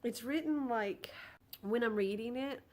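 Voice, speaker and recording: A woman's voice: on the high side, measured pace. Young female book vlogger, bubbly, chatty, giggly, sleepy at night. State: tired. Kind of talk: casual vlog chat.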